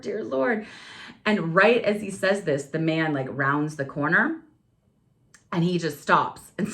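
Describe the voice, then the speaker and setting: A woman in her forties telling personal stories on a podcast in a chatty, fast-talking way, with many fillers. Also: medium pitch, a bit bright. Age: 40s. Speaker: podcast guest. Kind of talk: personal storytelling.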